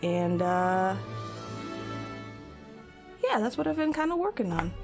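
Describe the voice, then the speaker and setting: A woman chatting casually with live viewers while she sculpts at her art desk, greeting people by name and dropping into soft mutters now and then. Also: medium pitch, big pitch swings, slow pace, music in the background. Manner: drops into soft mutters and whispers. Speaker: streamer. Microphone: camera mic.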